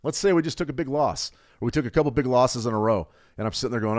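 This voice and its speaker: A man's voice: mid-range voice, quick pace, few pauses, darkish tone. A middle-aged man hosting a live trading psychology workshop, speaking emphatically and repeating his points directly to viewers. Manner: emphatic, repetitive, direct exhortations. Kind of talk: live workshop talk to traders.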